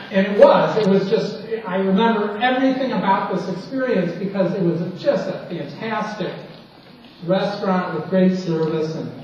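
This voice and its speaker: A man's voice: high-pitched, a little mellow, lo-fi sound, slight background noise. A man from St. Louis, a college marketing lecturer, telling a rambling, conversational anecdote in class, recorded from a distance in a large lecture hall. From St. Louis, United States. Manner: rambling, conversational, restarts words. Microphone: distant room mic.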